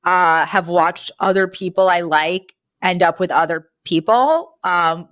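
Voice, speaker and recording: A woman co-hosting a podcast in casual chat, giggly and talkative, slowing down to explain things. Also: fairly low pitch, a bit bright. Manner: chatty and giggly, slows down to explain. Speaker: podcast co-host.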